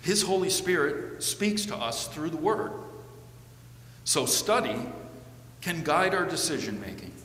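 Slow, measured man preaching in a church. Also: a little high, big pitch swings, fairly bright tone. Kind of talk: sermon. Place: church sanctuary. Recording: echoey church with long reverb, faint hum.

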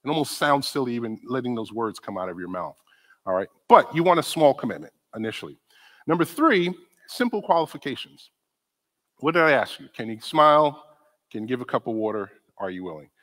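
Man, conference speaker, lively pitch, questions the audience, long hall reverb. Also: a little fast. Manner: animated, conversational, asks the audience questions. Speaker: conference speaker on disability ministry. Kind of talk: conference talk.

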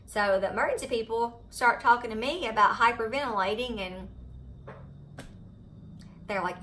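A middle-aged woman with a Southern US accent telling a story to her viewers in a chatty, animated way. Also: a little high, normal speed, long pauses, a little hiss or hum. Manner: chatty, animated retelling of a scary event. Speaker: vlogger. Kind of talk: casual storytelling to camera. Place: home, indoors.

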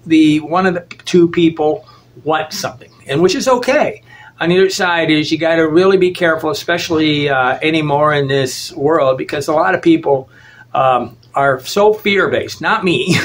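A man's voice: on the high side, a bit bright. A man from the United States talking in a casual monologue as a travel vlogger. He is opinionated and rambling, restarts often and keeps checking in with "okay?".

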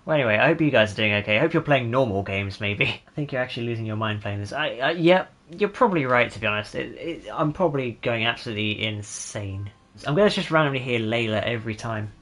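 A man's voice: mid-range voice, expressive, fast talker, a bit bright. A man giving sarcastic, jokey commentary while playing a video game, talking to himself and his viewers. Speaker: gaming YouTuber. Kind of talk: casual gameplay commentary.

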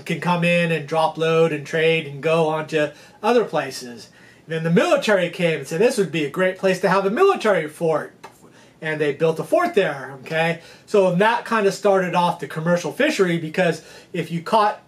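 A man hosting a fishing channel, telling history as a casual, rambling lesson and checking in with his listeners. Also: high voice. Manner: chatty, rambling, checks in with "okay?". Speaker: fishing guide and channel host.

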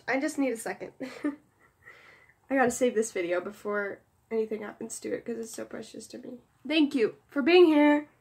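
A woman's voice: high voice, fairly bright tone, rough recording. A woman gaming YouTuber doing let's play commentary, dramatic and exasperated, talking to her viewers. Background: video game music.

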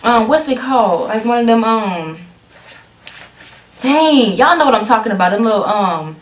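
A woman talking casually and excitedly to her viewers as she reacts to a music video, often restarting her sentences. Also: on the high side, moderate pace. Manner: excitable, talks straight to viewers, frequent restarts. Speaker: reaction vlogger. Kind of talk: casual chatty video commentary. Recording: echoey room.

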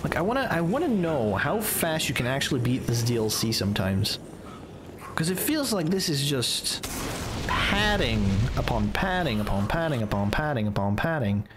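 A man's voice: mid-range voice, sing-song, normal speed. A man doing let's play commentary as a gaming streamer, ranting with profane exasperation. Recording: clear background noise.

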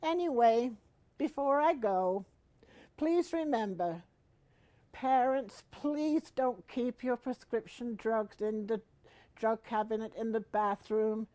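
A woman in her seventies hosting a comedy segment, telling a homey story in a chatty way that climbs to shouts when she acts it out. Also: fairly high pitch, dry recording. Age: 70s. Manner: slow, chatty, rising to shouted retellings. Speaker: comedy show host. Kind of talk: comic storytelling to camera.

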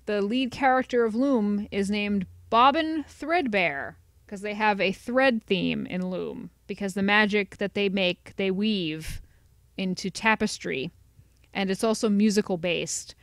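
A woman's voice: mid-range voice, unhurried, no echo, studio quality. A woman giving casual, chatty commentary over a video game playthrough, sarcastic and swearing freely. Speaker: let's play commentator. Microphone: desk USB headset mic.

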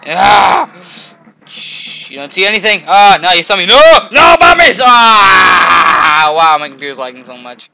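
A man's high, bright voice with a gravelly edge, taking his time between words. He comments on his own gameplay with excitable shouts and playful taunts at the enemies. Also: unhurried, slight background noise, low-quality recording. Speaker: gamer. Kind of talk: let's play commentary.

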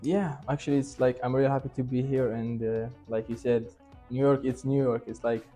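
A young man with an Algerian accent and a mellow, mid-pitched voice. He answers casually, hesitating often and filling his sentences with small connecting words. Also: level tone, brisk, soft background music. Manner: hesitant, many fillers like "like" and "you know". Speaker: professional football player.

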